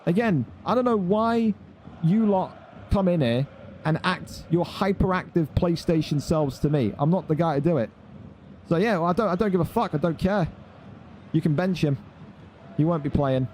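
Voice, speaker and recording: A man's voice: fairly high pitch, moderate pace, a little mellow, slight background noise. An irritated young man, swearing and scolding his chat during an esports tournament stream. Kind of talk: angry ranting at chat on stream.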